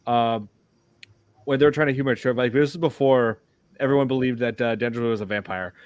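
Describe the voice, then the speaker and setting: A man talks loosely about a film on a podcast, stopping and restarting his thoughts as he goes. His voice sits at an ordinary pitch, recorded close and dry with no room sound. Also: steady tone, a little fast, clear, resonant tone, dry recording. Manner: rambling, many restarts and fillers. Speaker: podcast co-host. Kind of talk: casual chat about a film.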